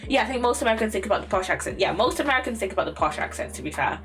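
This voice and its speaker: A young English woman chats loosely on her live stream, looping back on herself with fillers and repeated phrases. She laughs often and swears casually. Soft lo-fi music plays faintly behind her. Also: medium pitch, animated, rapid-fire. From England.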